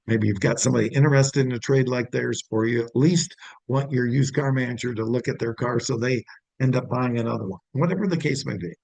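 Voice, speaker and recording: A middle-aged male sales trainer with a gravelly, husky voice, heard close and dry. He teaches in a conversational way and breaks into bright, friendly phone greetings as examples. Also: medium pitch, no echo, rough recording. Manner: demonstrates phone greetings in an upbeat voice.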